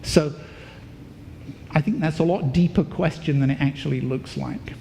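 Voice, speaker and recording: A man's voice: fairly high pitch, moderate pace, vocal fry, a little mellow, in a large hall, a little hiss or hum. A male preacher giving a conversational sermon, thinking aloud with fillers and restarts. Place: church.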